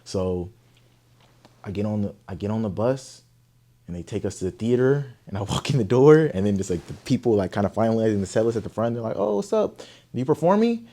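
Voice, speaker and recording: A young man from Oakland, telling a story in an interview, animated, profane and emphatic. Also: fairly low pitch, brisk. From Oakland, California. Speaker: guest artist.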